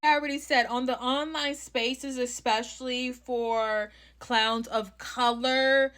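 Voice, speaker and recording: A young woman with a New York accent rants into her phone in a blunt, heated vlog, with plenty of swearing. Her voice sits fairly high, and she takes her time, dragging out words for emphasis. It has the close, casual sound of someone talking straight to her phone camera. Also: fairly even intonation, slow pace, a bit bright. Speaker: clown content creator.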